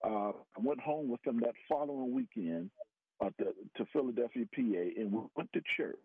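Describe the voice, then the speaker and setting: A man telling his faith testimony as a radio guest, earnest and rising in pitch for emphasis. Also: lively intonation, normal speed, breathy edge, no echo. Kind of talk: personal testimony. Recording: tinny phone-line radio audio.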